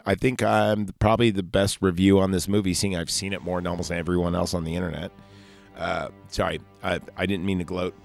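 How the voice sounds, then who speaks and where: A man's voice: fairly low pitch, no room sound. A man hosting a solo podcast, recapping a film in a casual, rambling, profane way. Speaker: podcast host.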